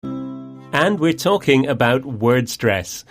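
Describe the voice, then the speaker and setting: A man presenting an English lesson in a scripted dialogue, speaking in a clear, friendly and deliberate way. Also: medium pitch, expressive, soft background music.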